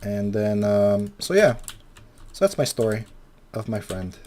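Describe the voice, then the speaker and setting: Young man, lowish voice, casual profane storytelling over gameplay, rambling, acts out the quotes. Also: big pitch swings, measured pace, a little mellow. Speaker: Minecraft video maker. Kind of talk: casual storytelling while playing.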